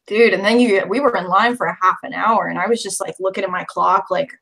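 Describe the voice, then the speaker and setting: A young woman co-hosting a podcast, talking in a loud, expressive, casual way and swearing a lot. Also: mid-range voice, fast, creaky. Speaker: podcast co-host. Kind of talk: casual chat.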